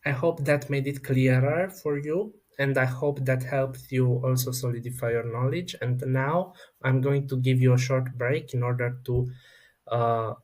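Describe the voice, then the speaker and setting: A man at a middle pitch teaches French pronunciation in an unscripted online lesson. He talks slowly and hesitantly, with many fillers and restarts. He says French words one at a time for the learner to copy. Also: darkish tone.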